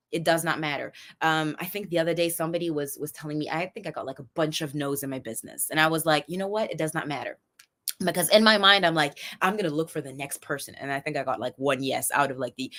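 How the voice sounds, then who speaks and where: A young woman talks straight to her livestream viewers in a chatty, animated way. Her voice sits low, and she often restarts sentences mid-thought. She laughs easily between her motivational points. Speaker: live streamer giving motivational talk. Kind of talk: casual motivational livestream talk.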